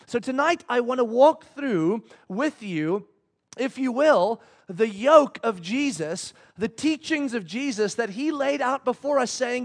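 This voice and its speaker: A man in his thirties preaching a sermon, telling a family story with animated, emphatic delivery. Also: extremely high pitch, measured pace. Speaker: pastor.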